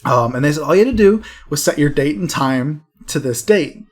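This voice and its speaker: A man's voice: fairly high pitch, expressive, fairly quick. Wry, laughing male podcast host. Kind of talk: casual chat.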